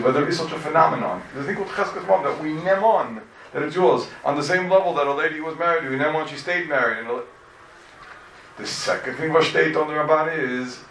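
A man teaching a Talmud class, animated and full of rhetorical questions, recorded from a distance in an echoey room. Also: on the high side, a little hiss or hum. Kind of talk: lively Talmud class lecture.

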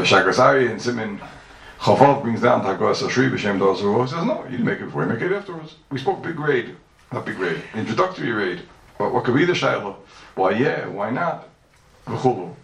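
Man, Talmud lecturer, animated with rhetorical questions; gravelly, distant, echoey room. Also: on the low side. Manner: animated, rhetorical questions, sing-song rises. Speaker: Talmud teacher. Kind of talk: yeshiva-style Talmud lecture. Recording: echoey room, speaker far from mic.

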